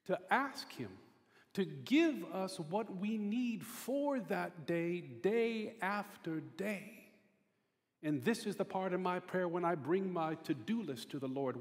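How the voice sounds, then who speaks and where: A male pastor preaching a sermon with an emphatic, repetitive cadence. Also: fairly high pitch. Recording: long reverb of a large hall.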